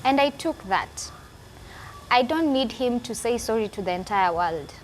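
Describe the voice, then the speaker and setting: A woman's voice: a little high, lively intonation, measured pace, a little hiss or hum. Earnest woman in her twenties. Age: 20s. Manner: emotional, earnest, repeats phrases for emphasis. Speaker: guest. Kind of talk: personal testimony interview.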